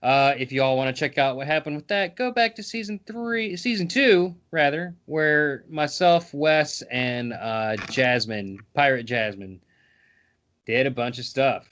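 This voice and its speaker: A man's voice: medium pitch, a little slow, fairly bright tone. A man hosting a podcast, chatting loosely and reading out a text-based role-playing game while swearing casually. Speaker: podcast host and game narrator.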